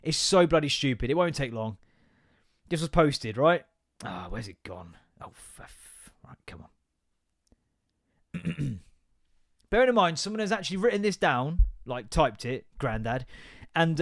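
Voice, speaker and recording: A man's voice: fairly high pitch, very animated, measured pace, pauses often. A man hosting a podcast, ranting in casual chat, sweary, sarcastic and exasperated. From England. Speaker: podcast host.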